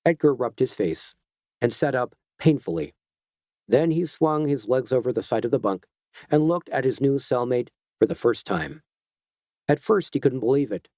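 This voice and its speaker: Casting: male audiobook narrator, even and measured, middle voice, dead-dry booth sound. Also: mid-range voice, dry recording. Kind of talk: scripted narration.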